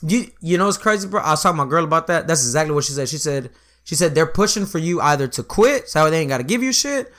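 A young man telling a long work story in casual chat, animated and profane, acting out the quoted lines and filling with "you know what I'm saying". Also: on the high side, fast talker.

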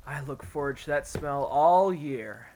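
A man's voice: fairly high pitch, expressive, measured pace, darkish tone, a little hiss or hum. An older man acting a teasing, good-humored grandfather in a family drama. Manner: teasing, jovial, chuckling.

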